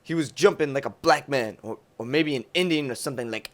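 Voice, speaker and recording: A young adult man narrating a crude comic story in a lively, profane, rambling way. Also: mid-range voice, brisk.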